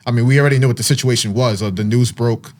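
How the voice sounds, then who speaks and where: A man hosting a relaxed sports chat, recapping the news in a loose, animated way with plenty of "uh"s and trailing restarts. His voice sits in a middle register, neither high nor low. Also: quick pace. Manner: animated storytelling, frequent fillers. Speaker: podcast host. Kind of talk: casual sports talk.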